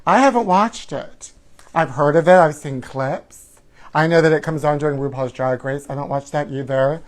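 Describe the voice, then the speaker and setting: A middle-aged man hosting a campy live talk show, sassy and theatrical, calling his viewers honey and darling and chanting catchphrases in a sing-song way. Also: a little high. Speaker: host. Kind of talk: campy casual live-stream chat.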